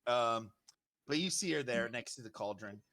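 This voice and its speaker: A man's voice: mid-range voice, lively intonation, moderate pace, pushed and bright, slight background noise. A man running a tabletop game as game master, narrating in a rambling way that repeats itself.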